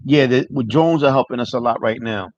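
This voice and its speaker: A man's voice: mid-range voice, brisk, darkish tone, dry recording. Profane, rambling New man. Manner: loose, profane, rambling, answers chat. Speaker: livestream host. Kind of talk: casual livestream chat. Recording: dry, dull lo-fi mic.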